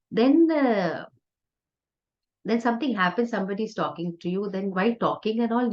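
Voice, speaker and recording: A woman spiritual teacher giving a conversational, playful discourse with soft laughs. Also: medium pitch. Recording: dull lo-fi recording.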